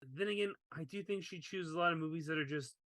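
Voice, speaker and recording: Bright-voiced male podcast co-host. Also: fairly high pitch, fast, dry recording. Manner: laughs while reading quotes. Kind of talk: casual chat.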